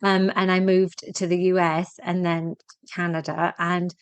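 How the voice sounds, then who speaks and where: Chatty Teesside woman, low voice. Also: level tone, a little slow, smooth, no echo. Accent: mixed northern English, Teesside. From Teesside, England. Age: middle-aged. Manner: chatty, blunt and self-mocking, swears lightly. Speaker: guest, fitness and women's health expert. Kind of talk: casual interview chat.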